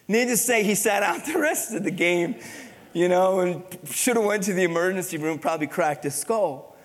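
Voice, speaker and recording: A middle-aged male pastor preaching a sermon, animated and conversational, with rhetorical questions and storytelling. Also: high voice, normal speed. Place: church sanctuary. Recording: long reverb of a church hall.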